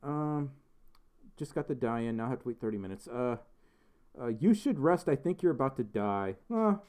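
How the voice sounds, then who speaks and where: A congested man chats his way through a livestream with a lively, bouncing pitch. He rambles and fills gaps with um and uh as he answers questions from the chat. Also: fairly quick. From United States. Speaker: livestream host reading chat. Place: indoors, in a fursuit.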